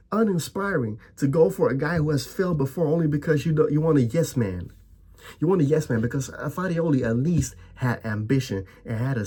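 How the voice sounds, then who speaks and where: A man's voice: mid-range voice, dark tone, breathy edge. A young man ranting as a football fan, heated and profane, stammering over his restarts.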